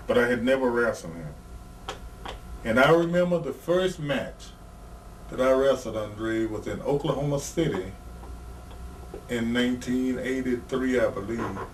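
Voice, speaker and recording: A man in an interview, bluntly telling rambling, profane stories about his wrestling days. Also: mid-range voice. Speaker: retired pro wrestler, guest. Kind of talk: casual interview storytelling. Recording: distant mic, faint background noise.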